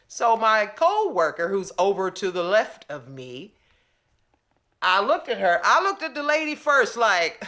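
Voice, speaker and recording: A woman vlogger ranting and telling a story to camera in a sassy, animated way. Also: mid-range voice, a little slow. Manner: animated, sassy, acts out both sides of a phone call.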